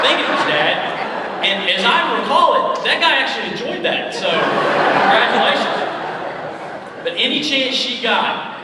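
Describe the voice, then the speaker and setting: Man, eulogy for his father, joking and heartfelt, slightly high voice, very echoey hall, distant mic, background noise. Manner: affectionate, joking storyteller. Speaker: son giving a eulogy. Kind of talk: memorial tribute speech.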